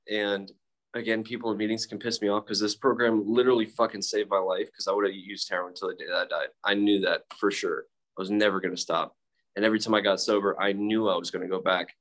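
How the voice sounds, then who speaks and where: A young man with a slightly low voice shares his story at a recovery meeting. He talks casually and candidly. He swears freely, pokes fun at himself, and leans on fillers like "uh" and "like". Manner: candid, profane, self-mocking, with frequent fillers. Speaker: speaker sharing at a recovery meeting.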